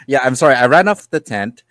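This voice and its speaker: A man's voice: mid-range voice, a bit bright, no echo. A man playing a tabletop role-playing game, joking and teasing, laughing at his own lines. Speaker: player. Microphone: online stream call.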